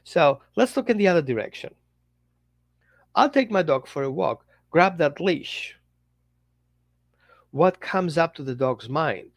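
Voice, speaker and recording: A man, a dog trainer, giving a casual teaching talk in an animated way, acting out little dialogues between owner and dog. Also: a little high, a little slow, pauses often, dry recording, studio quality.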